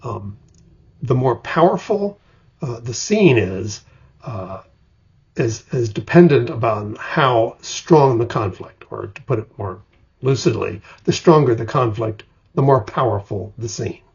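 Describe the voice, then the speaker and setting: Older male writing instructor, raspy and gravelly, vivid storyteller, lo-fi recording. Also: mid-range voice, animated, a little slow, darkish tone. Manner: vivid storyteller, acts out examples. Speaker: screenwriting teacher. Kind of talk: explanatory lecture. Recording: dull lo-fi recording.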